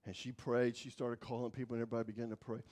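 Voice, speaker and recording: A man preaching as a guest speaker in church, telling stories dramatically, swinging from loud to hushed. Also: mid-range voice, little pitch movement, racing. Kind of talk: sermon storytelling.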